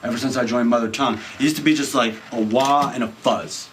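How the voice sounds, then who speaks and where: A man's voice: mid-range voice, fairly even intonation, a little fast, a bit bright, slight background noise, poor audio. A man who plays guitar, casually showing off his gear in a blunt, laid-back way and swearing now and then. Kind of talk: casual show-and-tell about his gear.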